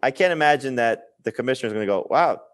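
A man co-hosts a casual podcast and keeps chiming in with wry questions. He speaks fast, and his mid-pitched voice moves lively up and down. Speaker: podcast co-host. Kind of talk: casual chat.

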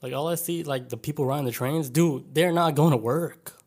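A man's voice: a little high, fairly quick, darkish tone. A young man co-hosting a casual podcast, telling laid-back anecdotes and swearing freely. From Atlanta area. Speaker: podcast co-host.

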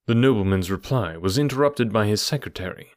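A man reading an audiobook aloud as narrator, in a steady, even storytelling manner. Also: fairly low pitch, fairly quick, no echo, studio quality. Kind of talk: scripted narration.

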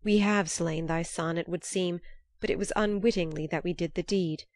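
Lady doing a solemn old god king, stern and stately, lowish, dry close mic. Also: steady tone, moderate pace, dry recording, lightly acted. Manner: solemn, archaic speech. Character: grave old king of the gods, commanding. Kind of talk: storybook reading.

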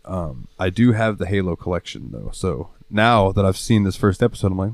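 A young man with a very low voice, chatting on a podcast and laughing often. He tells his stories loosely, swearing as he goes. The sound is dry and close, with no room echo. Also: animated, a little fast, gravelly, few pauses. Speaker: podcast co-host. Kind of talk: casual chat.

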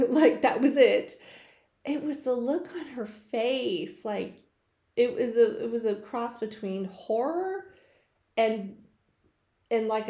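A woman casually telling personal stories in a chatty, animated way, acting out the voices of the people she quotes. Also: a little high. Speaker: host sharing personal stories. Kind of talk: casual storytelling. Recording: roomy echo.

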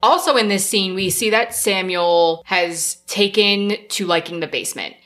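Bright-voiced chatty woman podcaster. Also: mid-range voice, normal speed. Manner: chatty, lots of "like" fillers, acts out quotes. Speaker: podcast co-host. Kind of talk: casual film recap chat.

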